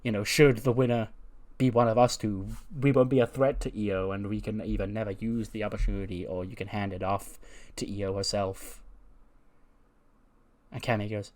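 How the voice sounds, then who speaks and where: A man's voice: lowish voice, steady tone, normal speed, a little mellow. A man narrating a wrestling management playthrough in a casual, chatty way, full of "you know" asides. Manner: retells scenes by voicing quoted lines in his own voice. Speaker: game commentator.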